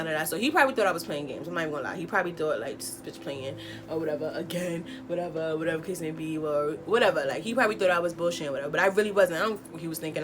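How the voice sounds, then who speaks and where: Animated young woman telling a story. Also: lowish voice. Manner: animated, slangy, acts out quotes with loud exclamations. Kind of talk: casual storytime vlog.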